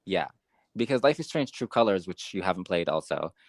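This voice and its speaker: Excitable low-voiced young man. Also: brisk, no room sound. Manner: rambling, filler-heavy, excitable. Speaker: podcast co-host. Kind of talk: casual chat.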